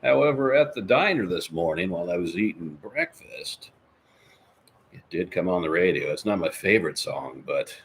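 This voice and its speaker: A man's voice: deep voice, expressive, moderate pace, slight background noise. A man hosting a live podcast in casual, jokey, rambling chat, reading out viewer comments. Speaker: podcast host.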